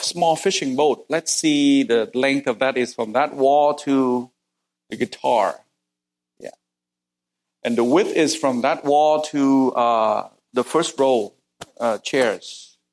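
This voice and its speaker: Earnest middle-aged preacher from Vietnam. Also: male voice, slow, long pauses, darkish tone. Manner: earnest storytelling, voice climbing high at intense moments. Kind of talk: sermon with personal testimony.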